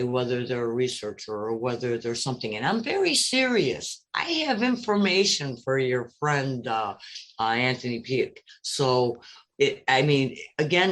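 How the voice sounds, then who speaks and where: A man's voice: medium pitch, a bit bright. A man taking part in a casual online roundtable, speaking reflectively and hesitantly, often searching for his words. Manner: reflective, hesitant, many fillers and restarts. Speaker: roundtable guest. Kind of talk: casual online group chat.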